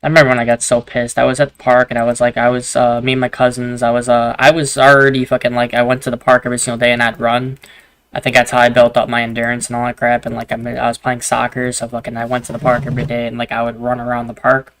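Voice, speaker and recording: A man's voice: mid-range voice, monotone, quick pace, fairly bright tone, smooth. A young man hosting a gaming video, telling long rambling stories in casual chat and swearing a lot.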